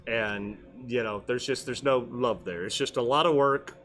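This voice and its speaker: Wry, easygoing fishing captain. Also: male voice, mid-range voice, normal speed. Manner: wry, easygoing, trails off quietly. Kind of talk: casual fishing chat.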